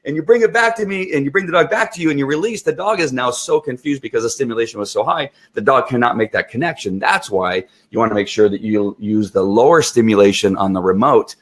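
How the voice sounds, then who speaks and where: A middle-aged man who trains dogs, giving an instructional talk in an animated way and acting out what the dog is thinking. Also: mid-range voice, fast talker, few pauses. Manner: animated, acts out the dog's thoughts.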